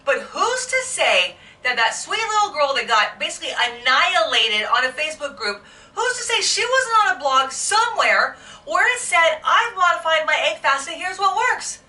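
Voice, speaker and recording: Woman vlogger, high bright voice, heated emotional rant, echoey room, mic a bit distant. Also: sing-song, moderate pace. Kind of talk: angry unedited vlog rant.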